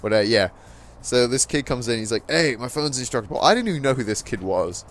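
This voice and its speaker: A man's voice: mid-range voice, lively intonation, brisk, a little hiss or hum. A teenage boy casually telling a funny story while playing a video game, laughing often and acting out what people said. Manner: chatty, laughs often, acts out quotes. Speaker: gaming channel host. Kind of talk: casual storytelling over gameplay.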